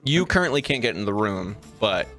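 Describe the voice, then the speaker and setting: Gravelly game master who rambles. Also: male voice, fairly low pitch, big pitch swings, fairly quick, fairly bright tone, faint music behind. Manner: rambling, full of ums and likes. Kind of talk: narrating a tabletop game.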